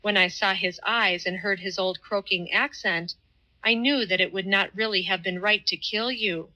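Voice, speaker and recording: An earnest, devout man, read by a woman narrator in an audiobook, who speaks with deliberate, fervent care as if hauling the truth out word by word. The voice is bright and clear-toned. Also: medium pitch, fairly even intonation, natural voice, poor audio. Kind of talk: audiobook reading.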